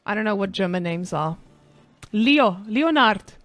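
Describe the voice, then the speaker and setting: Casting a live strategy game, a woman esports caster puts on a brash South African guy's accent, dropping her natural-sounding, mid-range voice below her own pitch. She speaks a little slowly but animatedly, cheering in a jokey, mock-hyped way.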